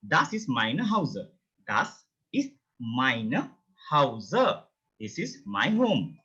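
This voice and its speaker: Slow, repetitive man teaching. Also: slightly rough. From India. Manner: slow, repeats each word several times, lively pitch jumps. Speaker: language teacher. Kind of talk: beginner language lesson. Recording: dull, lo-fi sound.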